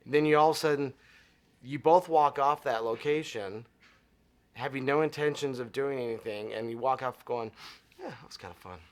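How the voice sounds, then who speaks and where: A middle-aged man from Arizona speaks as an interview guest with a medium-pitched voice at a moderate pace. He's a chatty, animated storyteller who does voices for the people in his stories, acting out their dialogue.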